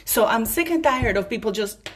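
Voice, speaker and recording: A woman's voice: a little high, animated, normal speed. A woman vlogger delivering an emphatic opinion rant straight to her viewers, breaking off now and then to apologize for ranting. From Commonwealth country.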